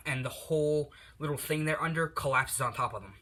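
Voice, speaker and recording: A man's voice: fairly high pitch, fairly quick, pushed and bright. A man casually telling a fan story, rambling with lots of fillers and restarts.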